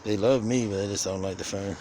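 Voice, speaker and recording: A man's voice: fairly low pitch, fairly even intonation, fairly quick. A man filming his birds on a phone in an outdoor aviary, joking crudely and talking straight to them. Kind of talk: casual profane vlog. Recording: noisy with birdsong.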